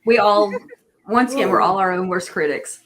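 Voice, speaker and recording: A woman cosplayer chatting casually, easygoing and quick to laugh. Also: mid-range voice, fairly bright tone. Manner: easygoing, laughs between remarks. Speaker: cosplayer guest. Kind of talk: casual chat.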